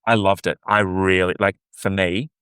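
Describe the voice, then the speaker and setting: Enthusiastic Australian man, low voice. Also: moderate pace, clean tone, no echo, studio quality. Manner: enthusiastic, animated, jumps to high pitch on questions. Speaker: podcast co-host. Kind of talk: casual chat reviewing a singing competition.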